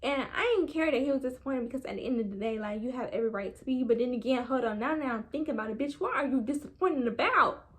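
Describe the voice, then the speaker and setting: A woman's voice: fairly high pitch, rapid-fire, hardly any pauses. Slangy young woman telling a story. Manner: animated, slangy, talks straight to viewers. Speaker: vlogger. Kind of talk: storytime vlog.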